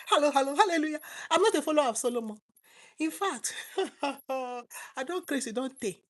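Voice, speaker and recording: Middle-aged Nigerian woman preacher with a raised pitch. Fervent, with loud bursts and quiet asides. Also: animated, moderate pace, pauses often. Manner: fervent, swinging between loud exclamations and low asides. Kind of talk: sermon.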